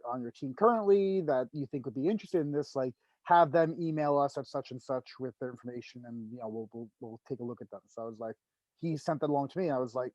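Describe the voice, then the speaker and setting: A man's voice: mid-range voice, warm tone, no room sound, lo-fi sound. A young man in his twenties answering interview questions at length, rambling with fillers. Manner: rambling, many fillers and restarts. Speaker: wrestler guest.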